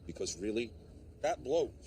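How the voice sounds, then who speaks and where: A brash, rambling tycoon barks and brags in a low voice, bossing and interrupting everyone around him. His pitch leaps and dives as he boasts. A faint hiss sits behind him. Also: very animated, normal speed, dark tone. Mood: boastful. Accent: New York. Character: boastful tycoon, crude and bossy, man. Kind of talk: satirical comedy film acting.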